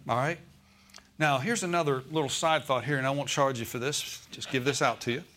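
A man's voice: medium pitch, a little fast, a bit bright, slight background noise. A man preaching a sermon to his congregation, emphatic and repeating key phrases, asking the room if they follow. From United States. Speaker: pastor. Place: church sanctuary with congregation.

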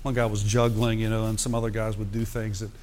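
A man's voice: lowish voice, level tone, fast, a little mellow, slight background noise. A man preaching, reading scripture aloud and breaking off to comment in a conversational way. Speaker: pastor. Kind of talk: sermon.

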